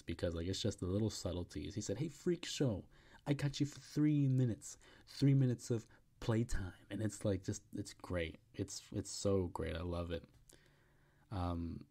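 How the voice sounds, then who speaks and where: Deep, mellow-voiced man talking movies. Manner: enthusiastic, quoting movie lines in quick acted bits. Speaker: podcast host. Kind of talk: casual film podcast commentary.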